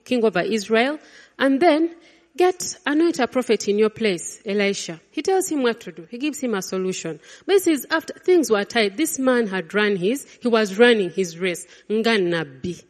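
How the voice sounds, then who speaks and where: A woman preaching a sermon, swinging between loud exclamations and hushed, quiet lines. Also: fairly high pitch, lively intonation, moderate pace. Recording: long reverb of a large hall.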